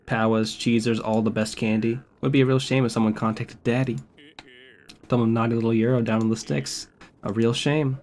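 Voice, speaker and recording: A man's voice: medium pitch, flat delivery, moderate pace, darkish tone, lightly acted. A man voicing a crude, threatening male drug-dealing villain from a game. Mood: menacing.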